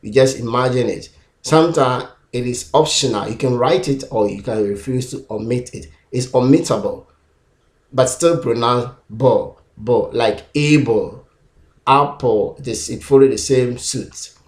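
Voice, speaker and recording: A man's voice: medium pitch, moderate pace, reverberant. A man teaching an English pronunciation lesson, sounding out and repeating each sound several times on his own camera. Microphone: self-recorded camera.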